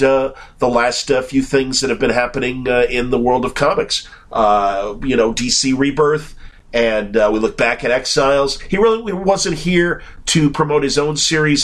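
A man with a Chicago accent and a cold, hosting a podcast and rambling through his intro with many pauses and fillers. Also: mid-range voice, steady tone, fairly bright tone. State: has a cold. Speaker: podcast host.

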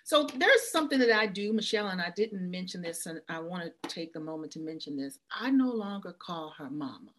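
A woman's voice: on the low side, lively intonation, brisk, hardly any pauses, fairly bright tone, slight background noise. A middle-aged woman speaking as a guest, telling her own story earnestly and acting out quoted voices. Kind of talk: heartfelt interview talk.

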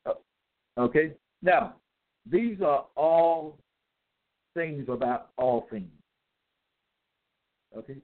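A man delivering a scripture-citing monologue, reading out verse references and pausing to ask "okay?" as he goes. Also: a little high. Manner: deliberate, checks in with "okay?"; spells out capitals, hesitant fillers. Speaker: self-styled religious teacher. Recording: tinny phone-like audio.

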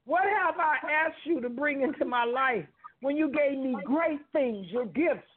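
A woman's voice: sits high, expressive, measured pace. A woman in her fifties giving an emphatic, preacherly spiritual testimony on talk radio, repeating phrases and speaking colloquially. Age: 50s. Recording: phone-like narrow sound.

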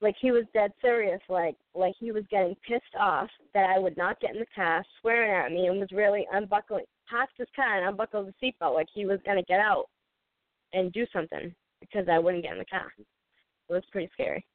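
The podcast co-host, a woman in her thirties, laughs often while telling a rambling story in casual conversation. Her voice is medium in pitch and brisk, captured in a dry, tinny, phone-like recording.

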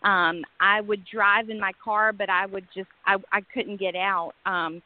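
A woman's voice: medium pitch, fairly even intonation, a little slow, dry recording. A woman from Alabama with a Southern accent, speaking candidly as an interview guest. She talks in a chatty way, laughs often and uses many fillers. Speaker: guest, yoga fitness instructor. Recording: phone-line audio.

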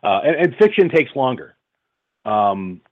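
A man's voice: medium pitch, very animated, unhurried. A man who works as a voice-over artist, talking casually in an interview with many fillers and restarts. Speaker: voice-over artist, audiobook narrator. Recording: tinny phone-like line.

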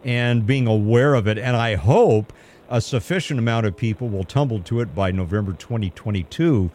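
A man hosting a call-in radio show, talking in a measured, earnest way with hesitant restarts. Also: on the low side, a little mellow, slight background noise. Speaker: radio talk show host.

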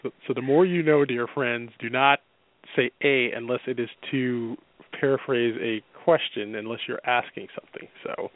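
Male talk host, playful and joking, average pitch, thin phone-line sound. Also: steady tone, moderate pace, no echo. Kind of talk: talk radio interview.

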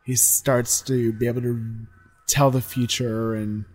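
A man co-hosting a podcast, calmly explaining the sources of online horror stories. His voice is mid-range for a man. He talks in an easy, conversational way. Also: medium pitch, measured pace. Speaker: podcast co-host. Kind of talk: casual podcast chat.

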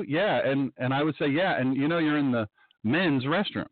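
A man hosting a radio show and preaching in an excitable, animated monologue, sometimes mocking others in a high voice. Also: moderate pace, no room sound. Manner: excitable, breaks into mocking high-pitched impressions. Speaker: radio show host and pastor. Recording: tinny phone-line sound.

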